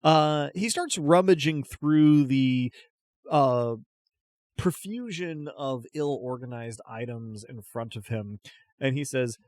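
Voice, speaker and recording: A man narrating a tabletop game as game master, describing scenes in a relaxed way with frequent fillers. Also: medium pitch, measured pace, no room sound, studio quality.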